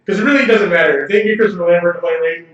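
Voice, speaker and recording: Sitting high in pitch and talking at rapid-fire speed with a bit of brightness, this podcast co-host is opinionated and quick to laugh in relaxed conversation. His livestream recording sounds distant, roomy, and somewhat dull.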